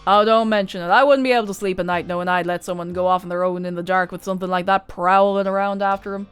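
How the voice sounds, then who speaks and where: A woman voicing a gruff older male mountain hunter in a story game, with a blunt, folksy drawl over faint music. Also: fairly low pitch, steady tone, fast, lightly acted.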